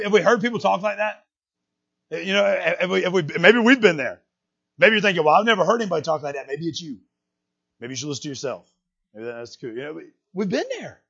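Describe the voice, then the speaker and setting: A man preaching a sermon as a pastor, talking conversationally and swinging between loud bursts and quiet asides. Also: on the high side, breathy edge, highs cut off. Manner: animated, conversational preaching with sudden loud jumps and quiet drops.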